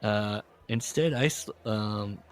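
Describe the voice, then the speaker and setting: A man hosting a casual podcast book discussion, recapping and reading passages with lively put-on voices. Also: lowish voice, slow. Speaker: podcast host.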